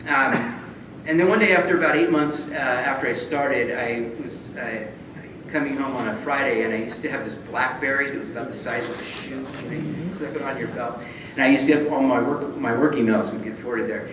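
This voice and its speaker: Speaking briskly at medium pitch, an honored middle-aged judge shares stories at his own expense during a banquet address. He laughs frequently and keeps restarting sentences. The recording is distant and very echoey, with noise from the hall.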